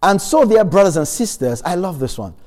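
A man's voice: high-pitched, sing-song, brisk, a little mellow, big-room sound. A man preaching a sermon, reading Bible verses and asking the congregation questions with emphasis.

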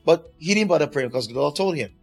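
A man's voice: a little high, expressive, quick pace, vocal fry, breathy edge, faint music behind. A man preaching a sermon, emphatic and driving his points home by repeating them.

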